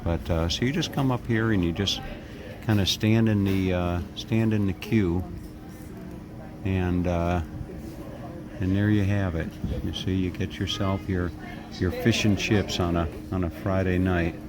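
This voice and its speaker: Deep-voiced American man vlogging outdoors. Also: steady tone, measured pace. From United States. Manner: rambling, folksy, restarts phrases often. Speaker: travel vlogger. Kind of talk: casual walk-and-talk vlog. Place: outdoors at a takeaway shop at night. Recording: outdoor street noise behind. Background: traffic and street ambience.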